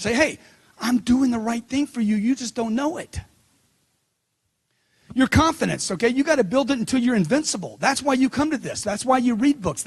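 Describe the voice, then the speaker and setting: Middle-aged guy doing a motivational talk, high husky voice, punchy, repeats stuff for emphasis. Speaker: motivational speaker. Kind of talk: seminar speech.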